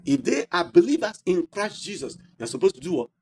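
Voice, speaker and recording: A man preaching a sermon, asking the congregation rhetorical questions and drawing out key words slowly. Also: high-pitched, sing-song, darkish tone, slight background noise. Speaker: pastor.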